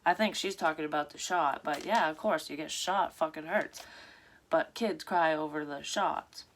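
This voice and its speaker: Her voice deep and her speed normal, a psychic medium works through a story out loud. She interrupts herself frequently with casual, rambling, expletive-laden comments.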